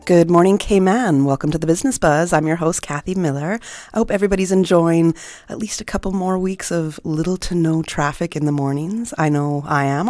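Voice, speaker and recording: A woman hosts a radio talk show in a friendly, conversational manner, laughing easily with her guest. Her voice sits fairly low, and the studio sound is dry and close. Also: a little mellow, no room sound.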